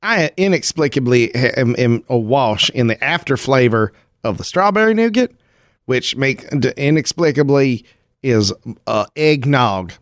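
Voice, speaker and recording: A man's voice: mid-range voice, lively intonation, a little slow, no echo, studio quality. A man co-hosting a podcast, chatting wryly and teasing his friend as they taste candy. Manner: wry, playful, teasing. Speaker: podcast co-host. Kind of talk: casual chat while taste-testing candy. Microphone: studio microphone.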